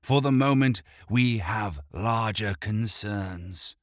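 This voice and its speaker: A stern elven steward speaks with grave, measured authority, as a male narrator puts him on. The voice sits well above the narrator's own low register and booms when he gives orders. It is a storybook reading in a dry booth. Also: a bit bright, dry recording.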